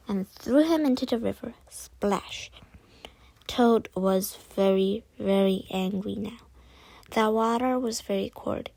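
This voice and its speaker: A woman reading a storybook aloud, slowly and carefully, with soft, breathy passages. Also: fairly high pitch, no room sound, low-quality recording. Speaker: reader.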